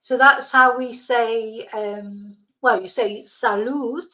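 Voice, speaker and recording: Live-stream host, woman, bright and ringing tone, chatty, reassuring her pet between remarks. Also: fairly high pitch, fairly even intonation, slow, poor audio. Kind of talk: casual chat to viewers. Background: faint fireworks.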